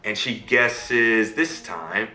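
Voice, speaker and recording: A man's voice: on the low side, very slow, exaggerated voice. A middle-aged man telling a fairy tale to a child, acting it out and checking in with "okay?" and "right?" as he goes. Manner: animated, acts out the story, checks in with "okay?" and "right?". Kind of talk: storytelling to a child. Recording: roomy echo, faint music.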